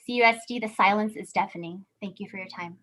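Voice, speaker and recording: A woman's voice: medium pitch, quick pace, fairly bright tone, poor audio. Woman, parent speaker, earnest, firm prepared statement. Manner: earnest, pointed, reading a statement. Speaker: parent public commenter. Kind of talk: prepared public comment.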